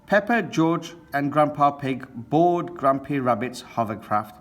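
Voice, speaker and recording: A man narrating a children's picture book aloud, with animated storytelling. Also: a little high, unhurried, few pauses. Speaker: storybook reader.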